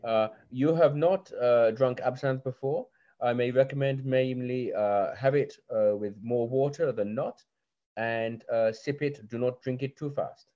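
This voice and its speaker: A man's voice: medium pitch, lo-fi sound, voice pushed up, natural voice. A man voicing an elegant fae waitress. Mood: gracious. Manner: formal, gracious, unhurried. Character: elegant winged female fae waitress, poised and polite.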